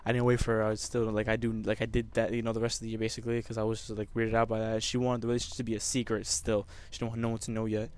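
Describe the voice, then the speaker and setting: A man's voice: fairly low pitch, completely flat delivery, racing, hardly any pauses, clear, resonant tone. A young man telling a personal story over gameplay commentary, emotional and rambling, with many restarts. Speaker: gamer.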